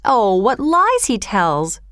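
A woman reading aloud plays a scheming young con woman with a high, shrill, showy voice. She pleads in an overacted way, smooth and clear in a dry recording. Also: very animated, a little slow, dry recording. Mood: theatrical. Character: scheming young woman thief, loud and theatrical.

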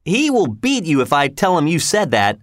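A man's voice: on the high side, huge pitch swings, normal speed, no room sound, studio quality, pitched above the performer's own voice. A man voicing a cunning young beggar boy in a read-aloud story, with a sly, coaxing manner.

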